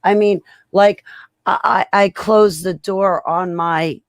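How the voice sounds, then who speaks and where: A woman's voice: medium pitch, steady tone, slow pace, no room sound, clean studio sound. A woman hosting a podcast, chatting casually in a rambling, swearing way and interrupting herself. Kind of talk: casual chat.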